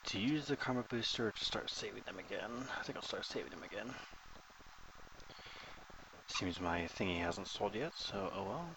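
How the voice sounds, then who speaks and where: Low-voiced man commentating his gameplay. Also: lively intonation, normal speed, creaky, long pauses, noisy background. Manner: thinks aloud while playing, chatty and joking. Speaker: gamer commentating his own play.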